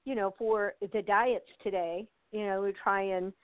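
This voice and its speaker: An older American woman, a guest in an interview, chats over a tinny phone line in a mid-range voice with fairly even intonation at normal speed. Her sentences wander easily, full of fillers, restarts, and frequent laughter, and the recording is dry and close.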